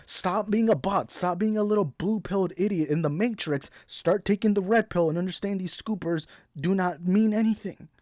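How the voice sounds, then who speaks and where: A man's voice: a little high, dry recording, studio quality. A young adult man hosting a movie talk show, ranting bluntly and profanely in exasperation. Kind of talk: heated ranting commentary.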